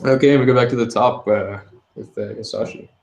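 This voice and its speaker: A man running a tabletop game as game master, narrating in an unhurried way with lots of fillers. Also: medium pitch, steady tone, creaky, darkish tone. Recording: noisy home recording.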